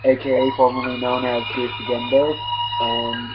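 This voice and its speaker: A man talks through an anime episode in a loose, slangy ramble that keeps looping back with fillers and restarts. The lo-fi recording sounds dull, and loud music plays behind him the whole time. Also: mid-range voice, completely flat delivery, normal speed. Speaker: anime reviewer. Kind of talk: casual episode recap. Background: loud background music.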